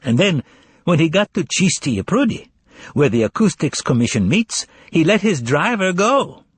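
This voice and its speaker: A man's voice: a little high, very animated, moderate pace, pitched above the performer's own voice. A man putting on a sly mocking trickster. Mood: gloating. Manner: mock-polite, smooth and teasing. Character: sly mocking male magician's assistant.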